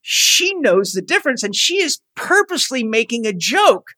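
A man chatting casually as host, telling a lively family anecdote. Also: very high-pitched, moderate pace, no room sound. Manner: animated anecdote-telling, fond. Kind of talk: casual chat, storytelling.

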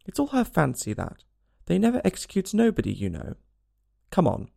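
A lazy old griffin from a storybook, rough and slangy, as a man puts it on. The voice drops low and gravelly, with lively swings in pitch. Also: normal speed, exaggerated voice. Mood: amused.

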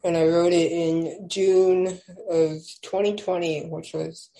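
Young adult woman, low warm tone; casual chat into measured poetry reading. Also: fairly even intonation, gravelly, poor audio. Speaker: podcast guest, poet.

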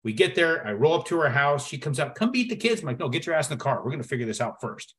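Animated male storyteller on a podcast. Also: medium pitch, fast talker. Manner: animated storyteller acting out dialogue. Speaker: podcast guest. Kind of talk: storytelling in conversation.

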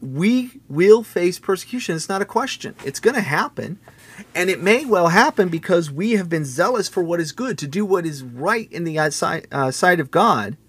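A man teaching on a Bible passage in a preaching style, emphatic and repetitive, building his points to a forceful pitch. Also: animated, moderate pace, husky. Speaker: pastor.

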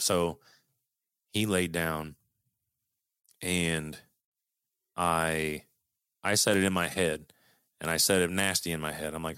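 Middle-aged man, low smooth voice, dry close recording, earnest storyteller who swears freely. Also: fairly even intonation, unhurried, pauses often, pushed and bright, no room sound. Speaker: guest telling a personal story. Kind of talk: casual storytelling.

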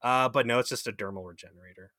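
A man chats on a podcast, tossing in jokes and curses. His voice is mid-pitched, bright and forceful. The sound is close and dry. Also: fast talker, dry recording. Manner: joking, profane riffing. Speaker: podcast co-host. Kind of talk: casual chat.

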